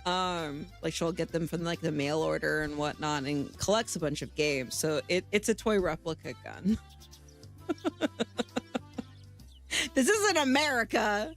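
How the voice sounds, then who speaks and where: Woman streamer, casual live chat, pitch swinging all over, laughs and curses a lot, faint music underneath. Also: unhurried, pauses often. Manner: animated, laughs often, swears freely. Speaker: streamer reading a visual novel aloud.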